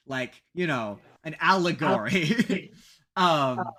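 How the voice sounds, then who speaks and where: A young man chatting on a podcast with a bright, forceful voice pitched a little high. He rambles through a story, stumbling over restarts and fillers and laughing at his own old opinions. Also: animated, a little slow. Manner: rambling, self-mocking, many fillers and restarts. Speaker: podcast co-host. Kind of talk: casual podcast chat.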